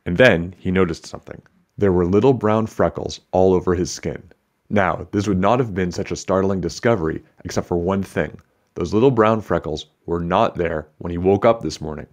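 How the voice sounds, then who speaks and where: Low-voiced guy reading a kids' book out loud, steady and even. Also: normal speed. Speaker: children's book reader. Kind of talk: storybook read-aloud narration.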